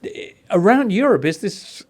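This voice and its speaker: A man's voice: high-pitched, big pitch swings, measured pace. A man hosting a football podcast, leading segments in a jokey, casual way. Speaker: podcast host. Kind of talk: casual chat.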